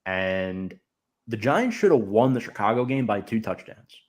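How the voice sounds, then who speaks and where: A man hosting a casual sports podcast, relaxed, reading out viewer comments and answering them. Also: on the low side, a little slow. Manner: relaxed, reads out chat comments and replies. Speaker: podcast host.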